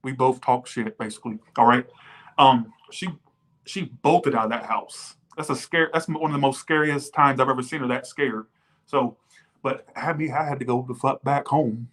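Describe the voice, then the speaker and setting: A man hosting a livestream, telling a ghost story in a chatty, profane, animated way. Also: medium pitch, normal speed. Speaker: tarot channel host.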